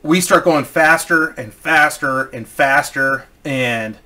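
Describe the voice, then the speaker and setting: Man with a slightly high voice, rambling. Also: takes it slowly, sharp tone. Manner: rambling, profane, many restarts. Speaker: streamer telling a personal story. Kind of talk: casual storytelling.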